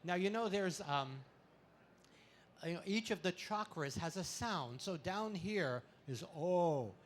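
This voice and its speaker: A man giving a playful talk to an audience at an expo, full of deadpan puns and laughter exercises, speaking into a handheld mic. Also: high voice, slow. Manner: pun-filled deadpan jokes. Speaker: comedic spiritual speaker.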